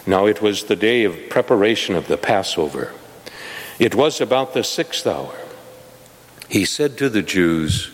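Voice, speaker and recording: Slow, solemn man reading scripture. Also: fairly low pitch, lively intonation. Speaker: scripture reader. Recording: long hall reverb.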